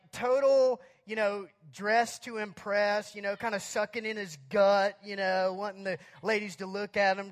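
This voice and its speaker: Male pastor, high-pitched, loose and animated comic storyteller in a sermon. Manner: animated, chatty, many fillers like "like" and "you know".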